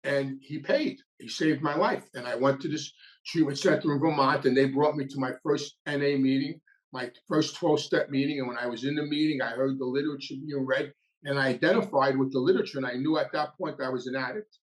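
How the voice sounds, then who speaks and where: A man's voice: mid-range voice, fairly quick, rough recording. A man, telling his recovery story in a blunt, streetwise way, often repeating and restarting phrases. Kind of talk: casual storytelling monologue.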